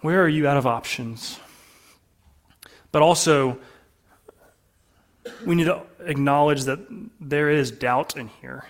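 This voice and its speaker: A pastor with a slightly high voice preaches a sermon slowly and steadily, with long pauses. Earnest toward the congregation, he often drops soft and low to drive a point home.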